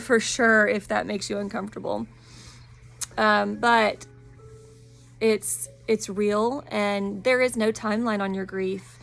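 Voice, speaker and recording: Gravelly earnest woman in her thirties. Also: fairly high pitch. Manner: earnest, encouraging, openly personal. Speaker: spiritual wellness practitioner. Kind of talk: casual vlog monologue.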